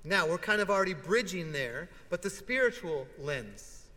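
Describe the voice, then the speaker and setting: Bright-voiced man preaching in echoey church. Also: high voice, moderate pace. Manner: animated storytelling with rhetorical questions. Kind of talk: sermon. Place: large church sanctuary.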